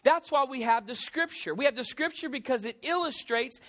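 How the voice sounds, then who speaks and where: High-voiced preaching man. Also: moderate pace. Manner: animated preaching with audience asides. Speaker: pastor. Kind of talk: sermon. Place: church stage. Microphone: handheld mic.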